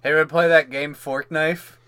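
Bright, goofy man riffing jokes. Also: a little high, little pitch movement, normal speed, clean tone. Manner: goofy, riffing on absurd bits. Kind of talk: joking casual chat.

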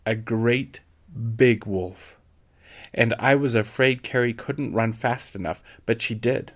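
A man's voice: medium pitch, slow, lightly acted. A man voicing a frightened young pioneer girl who talks in breathless, urgent bursts.

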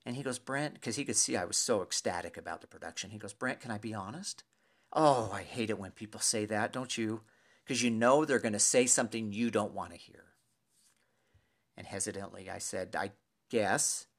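A man telling a personal anecdote to an audience in a lively, animated way, with pauses and asides to his listeners. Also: on the low side. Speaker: storyteller.

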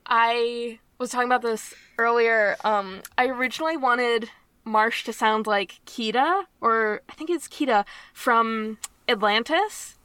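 A woman's voice: fairly high pitch, a little slow, pushed and bright, clear, resonant tone, no room sound. A woman co-hosting a tabletop podcast, chatting casually with lots of ums and likes. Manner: rambling, many ums and likes. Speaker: podcast co-host and tabletop player. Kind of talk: casual chat.

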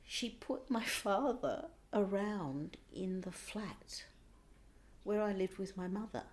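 A woman recounting a painful childhood memory in an interview, intense and sometimes dropping to a hushed whisper. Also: mid-range voice, expressive, takes it slowly. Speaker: interview guest. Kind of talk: personal storytelling.

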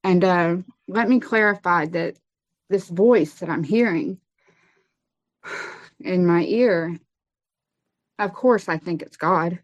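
Brief: woman guest, lower voice, hesitant testimony, dry lo-fi recording. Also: no echo. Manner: halting, many fillers and restarts. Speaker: guest telling her story. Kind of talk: personal testimony in an interview. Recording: dull lo-fi sound.

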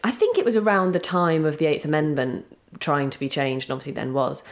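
A woman co-hosting a casual podcast, telling personal stories in a warm, chatty way. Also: low voice, animated, a little fast. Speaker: podcast co-host.

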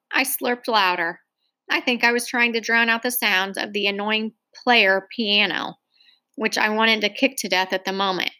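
A woman narrating a first-person novel aloud, expressive and acting out the dialogue. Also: medium pitch. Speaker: audiobook narrator.

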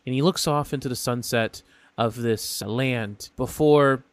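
A man narrates a tabletop game as game master, rambling through his descriptions with fillers and restarts. His voice sits at a medium pitch. The recording is dry and close. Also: unhurried, no room sound.

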